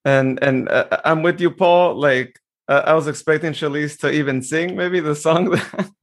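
A man hosting a casual podcast, talking in a relaxed, hesitant way with many fillers. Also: on the high side, moderate pace. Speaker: podcast host.

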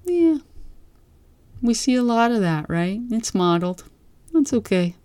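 A woman giving a slow, gentle, reflective teaching talk with long pauses. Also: on the high side, very animated, smooth, no echo. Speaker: meditation teacher. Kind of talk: dharma talk.

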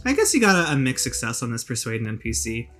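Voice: medium pitch, sing-song, fast talker, fairly bright tone, soft background music. A game master narrating a tabletop game in a loose, casual way, with lots of fillers.

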